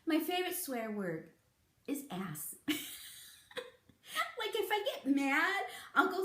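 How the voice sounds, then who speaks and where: Chatting to camera, a woman in her fifties who runs a beauty vlog giggles her way through animated, casual stories. She speaks at a measured pace in a fairly high voice, with a roomy sound around her.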